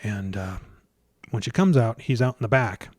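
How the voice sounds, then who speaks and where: Man retelling a story with halting restarts. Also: lowish voice, slightly rough, no room sound, clean studio sound. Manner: halting, many restarts and fillers; animated when retelling scenes. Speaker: guest researcher. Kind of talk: casual storytelling recap.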